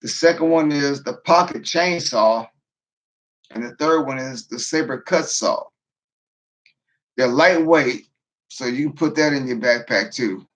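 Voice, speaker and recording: A man hosting a casual livestream, talking in a tired, low-energy way and often repeating and restarting his phrases. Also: unhurried, long pauses. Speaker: livestream host, veteran prepper.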